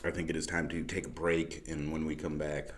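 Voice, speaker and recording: A man's voice: a bass voice, little pitch movement, fairly quick, noisy background. A man co-hosting a podcast in casual, joking chat, laid-back and profane. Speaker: podcast co-host.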